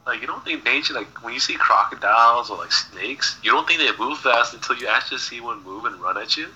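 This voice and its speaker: Husky bright young man, muffled sound. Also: medium pitch, lively intonation, brisk. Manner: chimes in with reactions and facts. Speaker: podcast regular. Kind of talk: casual chat. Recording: dull, muffled audio.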